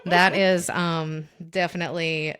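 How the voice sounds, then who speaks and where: A woman's voice: fairly low pitch, little pitch movement, measured pace, a bit bright, clean tone. A young adult woman co-hosting a podcast, telling stories in a loose, rambling way full of fillers and quoted voices. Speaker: podcast co-host. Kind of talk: casual chat.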